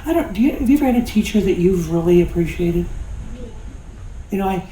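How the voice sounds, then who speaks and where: A man's voice: high-pitched, animated, fairly quick, warm tone, a little hiss or hum. Folksy pastor in his sixties, in an echoey church. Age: 60s. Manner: folksy, conversational, jokes and voices, laughing. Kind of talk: sermon. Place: church sanctuary.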